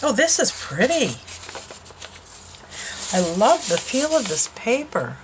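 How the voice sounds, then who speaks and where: A woman's voice: fairly high pitch, sing-song, slow pace, background noise. Gushing woman unboxing craft mail. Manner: gushing, exclaims often. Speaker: craft channel host. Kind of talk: casual unboxing vlog. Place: her home.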